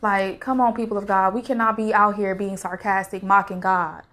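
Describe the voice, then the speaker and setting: A woman's voice: mid-range voice, fairly even intonation, moderate pace, a bit bright. A woman giving a casual devotional talk, earnest and exhorting like a preacher. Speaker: faith vlogger sharing a devotional message.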